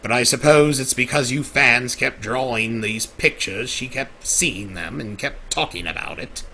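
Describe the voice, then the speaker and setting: A man doing Discord, a gravelly, theatrical chaos spirit. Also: medium pitch, bright, forceful tone, slight background noise, heavily acted. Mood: smug, theatrical. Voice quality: gravelly, drawling, calls people darling. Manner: dramatic sighs and melodramatic laments. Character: vain theatrical male chaos spirit, self-pitying. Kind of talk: improvised in-character Q&A livestream.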